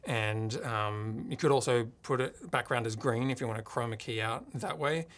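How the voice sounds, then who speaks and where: A man's voice: medium pitch, moderate pace, fairly bright tone. A man from Australia hosting a live tech tutorial from his home streaming studio, talking casually and thinking aloud as he works his gear. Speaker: livestream host.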